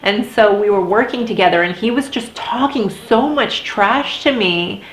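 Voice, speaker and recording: A woman's voice: mid-range voice, moderate pace, a little hiss or hum. A young adult woman telling a candid, emotional story in a casual storytime vlog, with lots of "like". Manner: candid, emotional, heavy use of "like". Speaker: vlogger. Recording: roomy echo.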